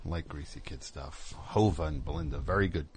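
A man's voice: extremely low pitch, normal speed, a crowd in the background. A man hosting a comedic radio show, teasing his guests and callers with jokes and stumbling restarts. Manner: joking, teasing, stammering restarts. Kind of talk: casual comedic radio banter.

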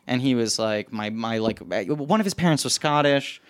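A man in casual podcast chat, rambling through a story and leaning on fillers. His voice sits at an ordinary middle pitch. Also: lively intonation, moderate pace, few pauses, clear, resonant tone. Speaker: podcast co-host.

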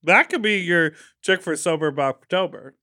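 A man's voice: high voice, normal speed, no echo, studio quality. A young man from Chicago, co-hosting a casual chat and telling profane stories full of fillers. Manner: animated, profane storytelling with many fillers. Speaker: podcast co-host.

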